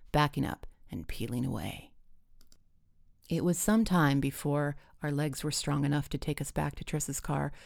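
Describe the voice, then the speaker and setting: A woman telling a comic personal story with wry, deadpan timing. Her voice is low and gravelly. The recording is close and dry. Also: no echo.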